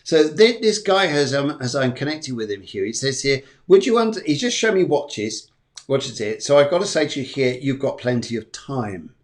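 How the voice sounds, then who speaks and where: A man hosting a live stream of psychic readings, talking in a loose, rambling way. He repeats himself often and keeps a reassuring tone. His voice sits at an ordinary middle pitch. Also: animated, normal speed. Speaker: psychic medium.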